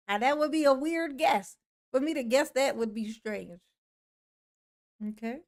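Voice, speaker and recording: A woman hosting a casual livestream, greeting viewers in the chat, playful and laughing often with drawn-out "yes, honey" replies. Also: sits high, a little mellow. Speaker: livestream host. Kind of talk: casual livestream chat, reading and answering a live chat.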